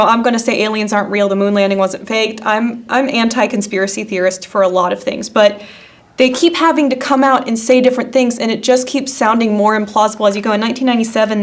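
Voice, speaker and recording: A woman co-hosting a podcast in casual chat, skeptical and sarcastic. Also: medium pitch. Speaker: podcast co-host.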